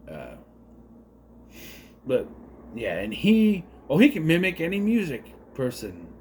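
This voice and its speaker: A man's voice: on the high side, huge pitch swings, slow, slight background noise. A man giving a casual spoken movie review, rambling with unsure asides and self-corrections.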